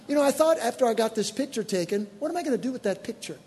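A man preaching as a pastor, telling stories in an animated, exclaiming way. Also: very high-pitched, racing, slightly rough. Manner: animated, exclaiming storyteller with bursts of excitement. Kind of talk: sermon storytelling. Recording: church hall reverb.

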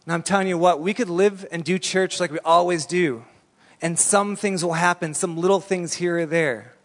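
A middle-aged man preaching a sermon as a pastor, telling stories in an animated, conversational way. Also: high voice, moderate pace. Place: church hall. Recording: long reverb in a church hall.

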